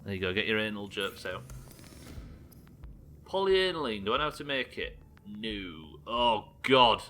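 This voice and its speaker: A man's voice: fairly low pitch, expressive, fairly quick, pushed and bright. Sweary man streaming a game. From Britain. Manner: sweary, chatty, reading chat aloud. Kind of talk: live gameplay commentary.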